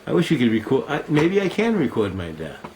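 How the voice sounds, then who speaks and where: A man's voice: medium pitch, wildly swooping pitch, brisk, noisy background. An older man, a military veteran, delivering a bitter, accusing monologue to a camera at home, cursing and swearing.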